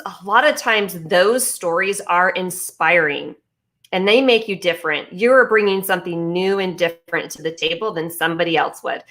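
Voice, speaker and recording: Her voice sits fairly low with a fairly bright tone. Playing a business coach, she delivers an emphatic motivational talk full of repeated phrases, restarts and fillers, briefly talking with ice in her mouth.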